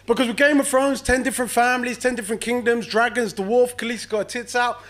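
Brash high-voiced comedian. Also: male voice, steady tone, fast talker, few pauses, a bit bright. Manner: brash, profane, crowd-teasing. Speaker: stand-up comedian. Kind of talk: stand-up comedy set. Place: comedy club stage.

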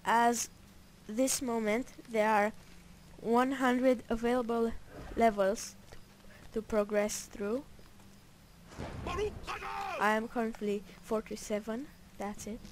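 A woman's voice: on the high side, level tone, takes it slowly, long pauses, slight background noise. A woman giving casual gameplay commentary in a playful, rambling way, with joking asides to herself. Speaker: gameplay narrator.

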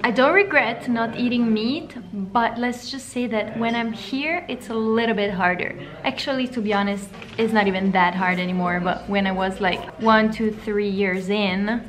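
A woman's voice: mid-range voice, moderate pace, hardly any pauses, a bit bright. A young woman from Italy chatting casually to camera as a vlogger, laughing often. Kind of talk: casual vlog chat.

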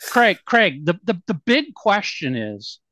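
A man's voice: sits high, very animated, slow, sharp tone, no room sound. A male podcast host asking questions in a casual chat, often stammering as he starts. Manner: stammers on restarts. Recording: dry, slightly dull sound.

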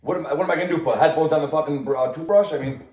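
A man telling a casual, profane rant about the people he lives and works with, acting out what they say. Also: fairly high pitch. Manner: profane, quick, acts out quoted people. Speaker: storyteller. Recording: echoey room, mic at a distance, faint noise.

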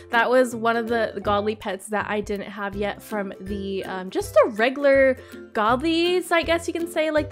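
A young woman with a high, girlish voice gives bubbly, excitable gameplay commentary into a desktop mic. She bursts into squeals whenever something good turns up. Soft music plays underneath. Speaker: gaming channel host. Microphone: desktop microphone.

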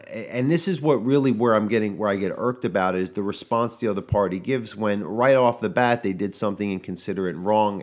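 A man, a dog trainer, hosting his own podcast in casual solo talk and venting his frustration. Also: lowish voice. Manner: frustrated ranting, quoting people in raised voices.

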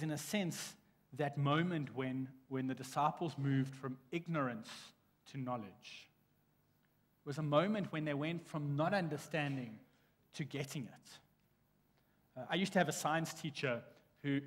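A man preaching a sermon in a church, telling stories in a lively way with frequent restarts. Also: a little high. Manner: animated storytelling with restarts. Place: church sanctuary. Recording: long church hall reverb.

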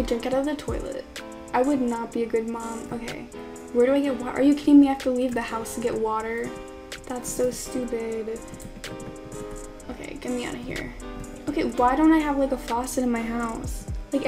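A young woman giving casual, confused, exclamation-filled commentary while playing a game for the first time. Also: on the high side. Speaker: gaming YouTuber. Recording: clear background music under voice. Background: background music.

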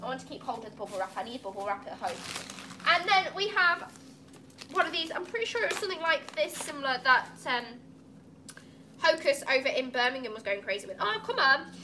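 A woman's voice: high-pitched, sing-song, brisk, noisy background. A woman opening gifts at a cat cafe, chatting casually and cooing at the cats. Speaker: cat cafe staff member.

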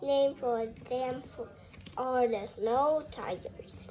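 A woman reading the lines of a young girl in a children's story in a high, slow voice. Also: mellow, rough recording. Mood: earnest.

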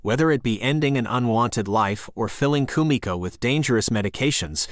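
A man narrating a scary story in a calm, measured, scripted way. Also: medium pitch, no echo, clean studio sound.

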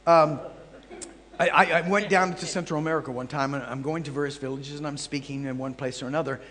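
A man teaching a live audience as a traveling Bible teacher, telling animated anecdotes with jokey asides to the crowd. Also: fairly high pitch, fast talker. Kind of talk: storytelling sermon. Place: large hall before a live audience. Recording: long hall reverb.

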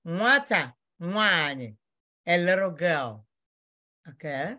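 A woman teaching vocabulary, drilling each word slowly and repeating it for pronunciation. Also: on the low side, animated, pushed and bright. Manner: slow, repetitive drilling of words for pronunciation. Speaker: language teacher. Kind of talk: vocabulary lesson.

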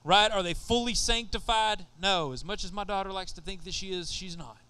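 A man's voice: high-pitched, brisk, sharp tone, clean tone. A middle-aged man with a Texan accent preaching a sermon to his congregation in a casual, joking way. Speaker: pastor.

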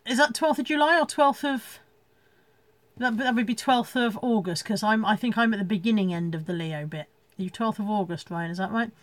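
A woman's voice: medium pitch, fairly quick, no room sound. A woman chatting casually from home on a live stream, rambling, laughing often and reading out viewer comments. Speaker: reseller hosting a live stream.

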